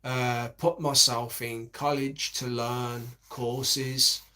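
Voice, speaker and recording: A man's voice: mid-range voice, level tone, drawn-out words, bright, forceful tone. A man in his forties, rambling in a casual monologue with heavy swearing and many restarts.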